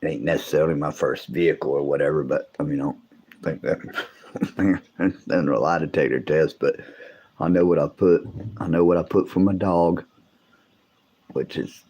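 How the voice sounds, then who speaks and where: A man, hosting a casual livestream, rambling and swearing as he talks to his viewers, his voice gone deeper from coughing. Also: moderate pace, long pauses, darkish tone, breathy edge. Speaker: livestream host.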